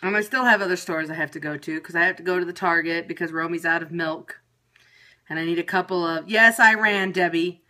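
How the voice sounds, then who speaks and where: On a Periscope livestream shot with her phone camera, a woman vents to viewers in a casual, profane way. Her voice is fairly low, and her tone is brisk, bright, and forceful.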